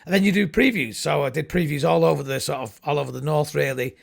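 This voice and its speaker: A middle-aged man with a very gravelly, husky voice and a slightly high pitch, chatting as a comedian guest. He rambles through jokey stories and slips into little comic voices. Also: quick pace. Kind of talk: casual chat.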